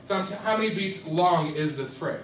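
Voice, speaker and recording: A man's voice: high voice, expressive, moderate pace, a little hiss or hum. A man teaching rhythm to a class, often checking that his students follow along. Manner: questioning, checks understanding often. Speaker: music teacher. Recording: echoey classroom from far off.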